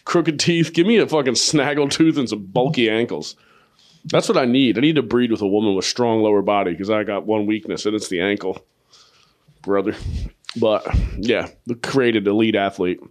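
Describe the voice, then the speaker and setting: A man with a lowish voice hosts a podcast as a comedian, chatting crudely at a moderate pace. His talk is full of profanity, jokes, and stories.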